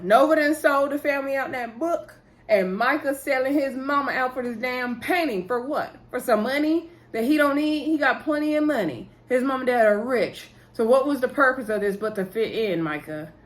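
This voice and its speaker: Speaking at a moderate pace in a high voice, this woman rambles through a TV episode recap for her vlog. She addresses viewers directly and keeps dropping "so anywho" asides.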